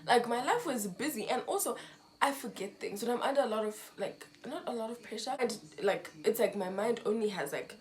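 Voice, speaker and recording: A young woman from Zimbabwe tells a storytime vlog in a fairly high-pitched, fairly quick voice. Her retelling is emotional and animated as she recounts events and acts out what people said in quoted dialogue.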